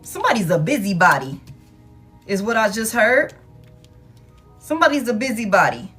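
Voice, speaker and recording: A woman giving a casual tarot reading in a blunt, profane, animated way, repeating herself for emphasis. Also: mid-range voice, moderate pace, faint music behind. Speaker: tarot reader.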